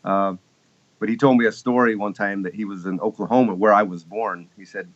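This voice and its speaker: In slightly muffled lo-fi sound, a Texan keyboardist in his fifties guests on a casual interview, telling meandering stories with lots of chuckles and restarts. His lowish voice is brisk, with fairly even intonation.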